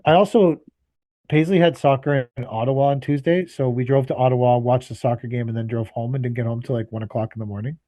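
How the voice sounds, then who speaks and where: A man's voice: mid-range voice, fairly even intonation, fast, mellow, no room sound. A man co-hosting a casual podcast, telling an exasperated, profanity-laced story and acting out both sides of his phone calls, sounding tired. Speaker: podcast co-host, landscaping business owner.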